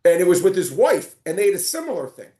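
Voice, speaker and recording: Animated man telling stories, echoey room. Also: sits high, fast. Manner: animated storyteller, stumbling restarts and excited retelling. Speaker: guest. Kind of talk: casual sports podcast chat.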